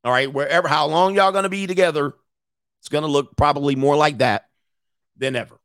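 A man's voice: a little high, fairly even intonation, a little fast, a bit bright, no room sound, studio quality. A middle-aged man, a dating coach, doing slangy, joking live reaction commentary with laughing asides.

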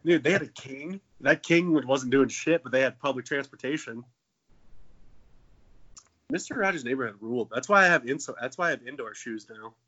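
Bright-voiced man in his twenties, joking. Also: mid-range voice, moderate pace, lo-fi sound. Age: 20s. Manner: jokey, profane, playful. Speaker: podcast co-host. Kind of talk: casual comedic chat.

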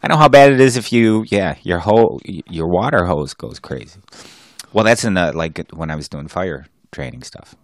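A man co-hosting a podcast, chatting casually in an animated way, quick to joke and swear. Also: low voice, dry recording, clean studio sound. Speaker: podcast co-host.

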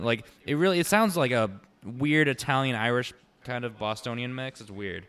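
A young man co-hosting a podcast in casual chat, animated and swearing freely, acting out movie lines as he talks. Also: mid-range voice, normal speed, clean tone. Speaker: podcast co-host.

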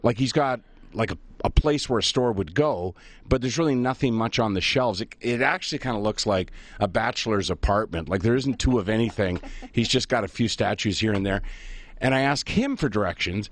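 A middle-aged man, a radio host telling a funny travel story in a lively, self-mocking way. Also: fairly low pitch, fairly quick, dry recording. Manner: animated, self-mocking storyteller who laughs at his own tale. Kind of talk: casual on-air storytelling.

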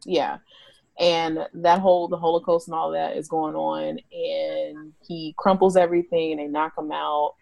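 A chatty woman with a low voice trades takes with her co-hosts, laughing often and restarting her sentences. Her tone is gravelly and fry-laden, and the sound is close and dry. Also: little pitch movement, measured pace, a little mellow, no echo. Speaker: podcast co-host. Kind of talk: casual chat.

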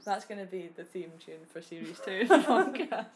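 A woman's voice: medium pitch, animated, fairly quick, crowd noise. Playful, teasing woman. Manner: teasing, playful, bursts into silly humming. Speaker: podcast co-host. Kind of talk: casual chat.

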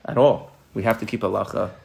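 A man's voice: on the low side, steady tone, a little fast, vocal fry. A man giving an informal Torah class, rambling and often restarting and repeating his words. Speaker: Torah teacher.

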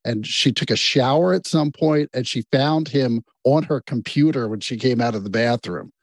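A man's voice: medium pitch, normal speed, no room sound. Man, radio staffer, direct interviewer, dry close mic. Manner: direct, probing questions.

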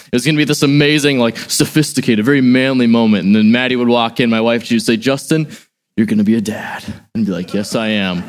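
A young man from the Midwestern United States, giving a sermon as a pastor and telling a personal story in a quick, conversational way, full of "like" and "right?". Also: medium pitch.

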